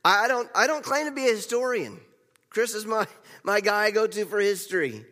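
A man's voice: high-pitched, expressive, fairly quick, bright, forceful tone. A male pastor giving a conversational sermon, repeating phrases for emphasis. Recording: long reverb of a large hall.

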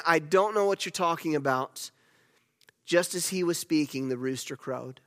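Preacher in a reverberant hall, high-ish voice. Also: male voice. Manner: storytelling preacher, swings from loud emphasis to hushed near-whisper. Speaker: pastor. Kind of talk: sermon.

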